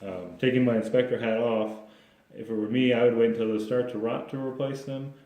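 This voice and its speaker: A man's voice: medium pitch, fairly even intonation, a little fast, warm tone. A man working as a home inspector, explaining his findings to a client in a plain, practical way with frequent restarts. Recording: echoey room.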